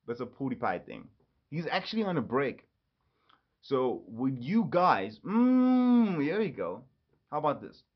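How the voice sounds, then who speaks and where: Rambling podcast host, a bit lo-fi. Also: male voice, medium pitch. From Ireland. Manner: rambling, jumps between topics. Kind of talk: casual solo podcast chat. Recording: slightly dull lo-fi audio.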